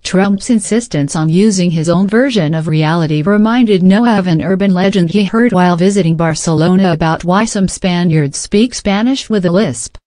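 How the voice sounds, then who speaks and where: A woman reading a news article aloud in a steady, even delivery. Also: on the low side, normal speed, hardly any pauses, dry recording. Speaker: news reader.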